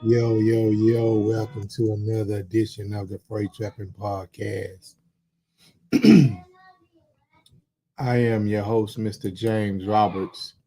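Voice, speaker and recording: A man hosting a podcast with a casual intro, talking in a loose, animated way with some halting and throat-clearing. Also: fairly low pitch. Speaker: podcast host.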